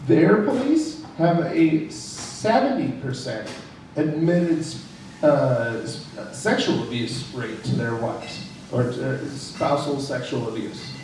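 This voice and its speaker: A man's voice: mid-range voice, expressive, slow, darkish tone, recorded from a distance, a little hiss or hum. Crude rambling stand-up man, echoey room. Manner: crude, rambling, chuckles at own jokes. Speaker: stand-up comedian. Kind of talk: stand-up comedy set. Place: comedy club stage.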